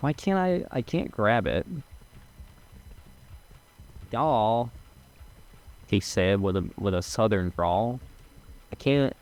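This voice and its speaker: A young man giving casual let's-play commentary as a gaming streamer, chatty and excitable, swearing and laughing as he plays. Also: on the low side, a little slow.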